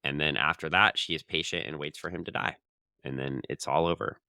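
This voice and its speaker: A man with a low, gravelly voice chats casually as a podcast co-host and walks through a comic's plot in long stretches. His tone is bright and smooth despite the grit. The sound is close and dry. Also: fairly even intonation, a little fast, dry recording. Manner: summarizes the plot in long runs, reading quoted lines aloud. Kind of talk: casual comic book review chat.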